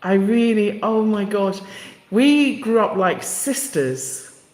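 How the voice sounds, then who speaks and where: A woman's voice: medium pitch, animated, slow pace, a little mellow. A middle-aged woman hosting a casual live stream, effusive and talking straight to her viewers by name. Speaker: livestream host. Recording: echoey room with long reverb.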